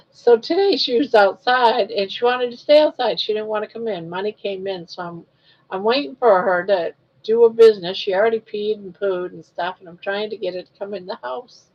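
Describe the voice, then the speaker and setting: A woman's voice: medium pitch, normal speed. An older woman hosting a live crochet stream, chatting casually and cooing sing-song baby talk to her dog. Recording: dull lo-fi stream audio.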